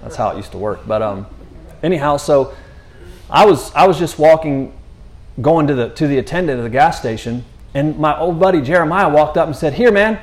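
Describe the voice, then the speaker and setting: Higher-voiced guy rambling thru a faith story, keeps going "you know". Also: lively intonation, fairly quick, a little mellow. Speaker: speaker sharing a faith testimony. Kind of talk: casual spoken testimony.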